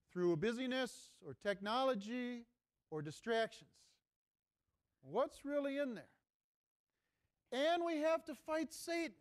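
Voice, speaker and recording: A priest delivers a homily in a conversational preaching style and keeps asking his listeners questions. His voice sits high for a man and comes out clear and ringing. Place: seminary chapel.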